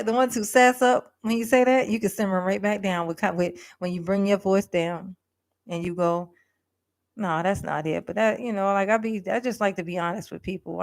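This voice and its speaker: Woman host, casual live stream rant, blunt and profane, halting with fillers. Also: mid-range voice. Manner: blunt, profane, animated, lots of fillers and restarts. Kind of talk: casual livestream advice rant.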